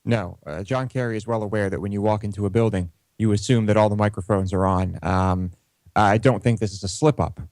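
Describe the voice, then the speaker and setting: Low-voiced male co-host, measured. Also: fairly even intonation, a little mellow, no echo. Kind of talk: casual studio discussion.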